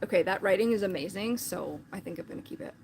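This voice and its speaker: A woman's voice: medium pitch, fast talker, creaky, a little mellow, slight background noise. A woman chatting casually on a live stream, rambling with lots of filler words.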